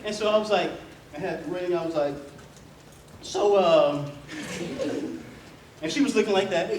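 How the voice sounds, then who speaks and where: A man telling a joking, animated story to a live audience, talking straight to the crowd, with a relaxed sound. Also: high-pitched, normal speed, pauses often, distant mic. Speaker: motivational speaker. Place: large room with an audience. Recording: echoey room from afar with crowd noise.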